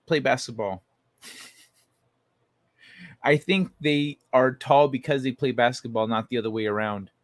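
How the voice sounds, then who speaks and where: A man's voice: mid-range voice, fairly bright tone, no echo. A man hosting a livestream in casual, playful, profane chat, laughing often. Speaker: livestream host.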